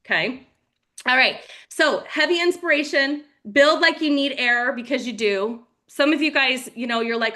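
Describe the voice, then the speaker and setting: A woman giving a motivational talk on a team call, energetic and storytelling, acting out quotes. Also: sits high, moderate pace. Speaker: team leader.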